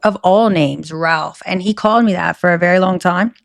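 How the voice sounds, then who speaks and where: A woman's voice: fairly low pitch, normal speed, gravelly. A woman in her thirties hosting her own podcast, chatting casually and rambling off on tangents. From American South. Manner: chatty, rambling, self-interrupting. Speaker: podcast host. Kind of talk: casual solo podcast chat.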